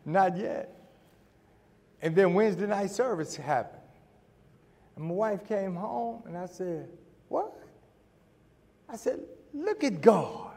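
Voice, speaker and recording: A middle-aged man preaching a sermon, telling a story and acting out the dialogue before building to shouts. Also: high-pitched, big pitch swings, slow, long pauses, husky. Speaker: pastor. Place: church sanctuary. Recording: church hall with long reverb.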